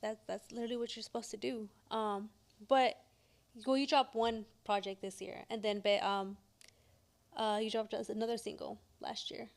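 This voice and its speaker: A woman hosting a casual interview, chatty and encouraging, with lots of quick yeahs of agreement. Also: a little high, level tone, vocal fry. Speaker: host.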